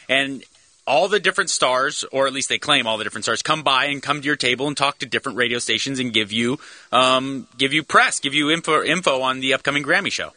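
A man's voice: mid-range voice, sharp tone, dry recording. A man on a radio show, telling a story in a casual, enthusiastic way. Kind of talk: radio talk.

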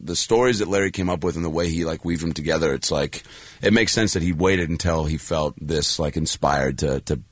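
This man has a low, deep voice and tells his stories in a loose, chatty ramble, full of fillers and restarts. He slips into lively put-on voices when quoting people. The sound is close and dry, with no room echo. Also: brisk. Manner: animated storyteller who acts out quoted voices. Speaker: actor and guest. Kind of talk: casual anecdotal chat.

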